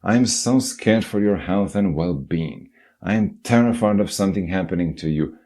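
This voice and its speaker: A man voicing a panicking, terrified young mother who shouts frantic, urgent warnings. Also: low voice, lively intonation, moderate pace.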